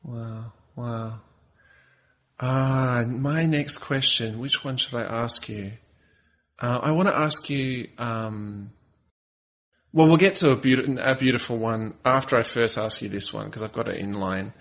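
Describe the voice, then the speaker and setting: A man's voice: mid-range voice, a little slow, fairly bright tone. A man hosting a podcast interview who thinks aloud casually while asking questions. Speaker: podcast host.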